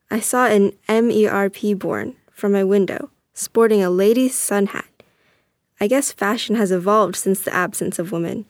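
A young woman reading a first-person story aloud as narrator, earnest and steady. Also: medium pitch, no echo.

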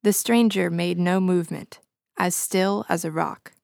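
Woman storyteller, expressive read-aloud, dry close mic. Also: fairly low pitch, a little slow, gravelly, no echo. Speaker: narrator.

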